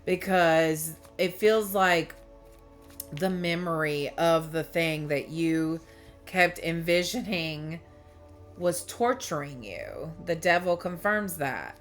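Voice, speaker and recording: A woman's voice: lowish voice, takes it slowly, faint music behind. Rambling, emotional woman tarot reader. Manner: rambling, emotional, with frequent restarts. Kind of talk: candid personal storytelling to viewers.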